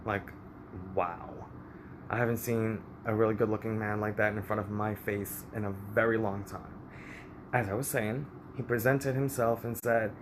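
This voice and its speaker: A man's voice: fairly low pitch, fairly even intonation, normal speed, slight background noise. A man telling his own story in a vlog, candid and emotional. He speaks frankly and retells painful family moments in a plain, confessional way. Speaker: vlogger. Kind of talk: personal storytelling.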